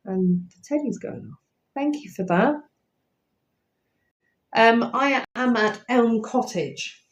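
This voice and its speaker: With a high-side, animated voice, a paranormal investigator streams live from a house at night on her phone, taking it slowly. She chats and rambles with lots of ums, and the audio is dull, with roomy echo.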